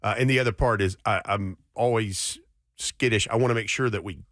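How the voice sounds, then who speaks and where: A man's voice: lowish voice, brisk, fairly bright tone, no room sound, clean studio sound. Easygoing male radio guest. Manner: easygoing, self-deprecating. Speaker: team radio broadcaster, studio guest. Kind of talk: casual sports radio banter. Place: radio studio.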